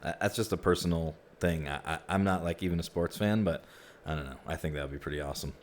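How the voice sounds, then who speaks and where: Low-voiced male host, easygoing and chatty, headset mic. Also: quick pace. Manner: easygoing, chatty, frequent "you know" and "um". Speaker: host of a virtual reality group session. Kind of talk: casual group hosting.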